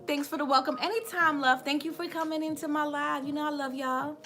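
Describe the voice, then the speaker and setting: A chatty woman in her thirties hosts a casual livestream, greeting viewers and laughing through a story. Her voice sits high and sounds bright. Faint music plays behind her. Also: fairly even intonation, fairly quick. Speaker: livestream host.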